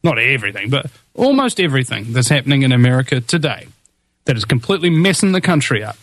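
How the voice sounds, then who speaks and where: A man's voice: mid-range voice, sing-song, fast, a bit bright, dry recording. A man hosting political talk radio, urging his audience on with fervor while stumbling through fillers and restarts. His voice sits mid-range and sounds dry and close to the microphone. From New Zealand. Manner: impassioned, rallying, many restarts and fillers. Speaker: radio show host.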